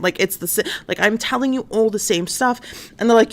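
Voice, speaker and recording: A woman's voice: on the high side, brisk. A woman hosting a livestream, retelling a crime story in casual chat, full of fillers and acted-out quotes. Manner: chatty, many fillers, acts out quotes. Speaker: stream host. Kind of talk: casual true-crime recap.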